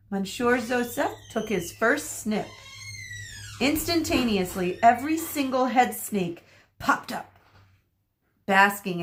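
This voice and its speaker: A woman teacher reading a chapter book aloud to children, expressive and addressing them directly. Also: on the high side.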